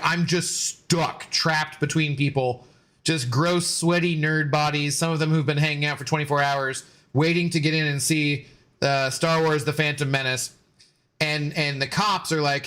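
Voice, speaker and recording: A man in his forties rambles through stories while streaming a game, loose with fillers and swearing in casual chat. His voice is on the high side with a sharp tone.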